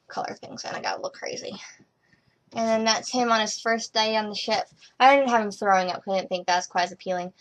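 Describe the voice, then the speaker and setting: Rambling young woman vlogging casually. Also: medium pitch. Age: young adult. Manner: rambling, with many fillers and restarts, trailing off quietly.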